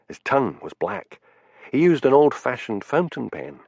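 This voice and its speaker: A man voicing a calm, shrewd male police constable in an audiobook, speaking in a measured way. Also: medium pitch, creaky, dry recording, voice pushed up. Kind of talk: audiobook character voice.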